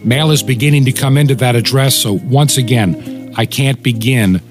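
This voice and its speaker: A man hosting a radio ministry, speaking earnestly in a weak, tired voice and slowing down to spell out details for listeners. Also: mid-range voice, music in the background.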